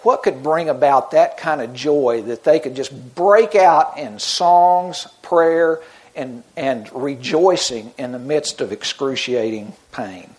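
A man's voice: medium pitch, lively intonation, unhurried. A middle-aged man preaching a sermon in an earnest, conversational way, often restarting his sentences. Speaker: pastor.

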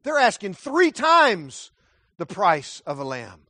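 Brief: a flustered dad who stammers, as a preacher plays him. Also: male voice, sits high, huge pitch swings, slow, pushed and bright, no echo, full character voice. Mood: indignant. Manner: hesitant, stammering. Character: unsure, flustered father, gentle and lowered.

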